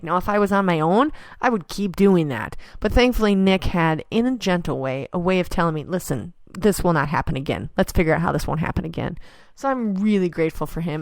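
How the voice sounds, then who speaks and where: A podcast host in her thirties delivers a casual storytelling monologue, upbeat and relaxed, doing voices for the people she quotes. Her voice runs lowish, and the recording is dry.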